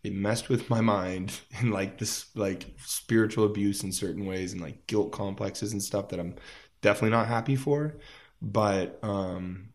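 A musician in his thirties, guesting on a casual interview, tells stories in a voice on the low side at a moderate pace. He's animated, says "like" a lot, and acts out the voices he quotes.

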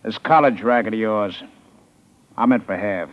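An actor playing a cool, clipped rival gangster in a 1940s radio drama, on an old muffled recording. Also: male voice, on the low side, moderate pace, natural voice. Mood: menacing. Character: smooth menacing rival gangster, Carver.

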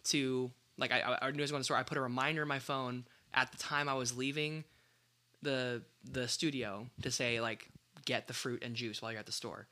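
A man's voice: medium pitch, steady tone, fairly quick, bright, forceful tone. A young man co-hosting a podcast in casual chat, rambling with many restarts and fillers. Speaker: podcast co-host.

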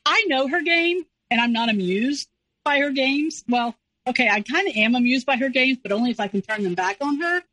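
A woman in her forties, an interview guest telling a personal story in a casual, animated way. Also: a little high, fairly quick, no room sound, poor audio. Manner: animated, acts out quoted voices.

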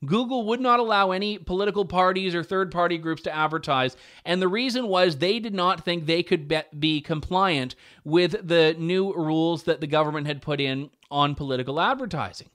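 A man's voice: a little high, normal speed, hardly any pauses, a bit bright. Wry man hosting talk radio. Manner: wry, sarcastic asides with chuckles. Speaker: radio talk show host. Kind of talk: opinion commentary monologue.

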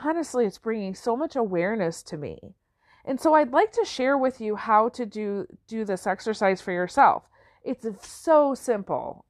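A woman's voice: on the high side, dry recording, studio quality. A woman who coaches business owners, talking in a reflective, conversational way, often asking "right?" and rephrasing as she goes. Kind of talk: reflective casual talk.

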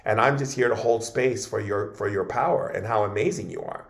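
Animated man telling stories as a guest. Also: lowish voice, brisk, vocal fry, roomy sound. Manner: animated, repeats and restarts words often. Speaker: guest shaman. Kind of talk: casual interview storytelling.

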